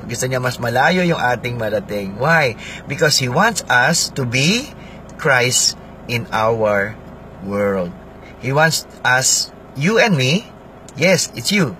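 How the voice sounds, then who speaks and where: A man's voice: mid-range voice, bright, forceful tone, a little hiss or hum. A man with a Filipino accent preaching a sermon, repeating phrases for emphasis and asking his listeners questions.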